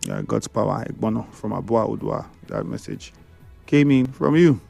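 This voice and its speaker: A Nigerian man hosting a radio call-in show, briskly reading out listener messages and taking calls. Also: lowish voice, vocal fry, mellow, soft background music. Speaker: radio host. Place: radio studio.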